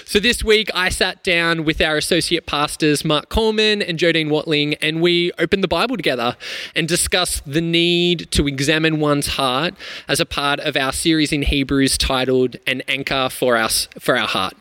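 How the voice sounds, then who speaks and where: An upbeat man hosts a church podcast, chatty and quick to laugh. His voice is bright and forceful, a little high for a man. The sound is dry and close. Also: clear, resonant tone, no room sound. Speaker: podcast host.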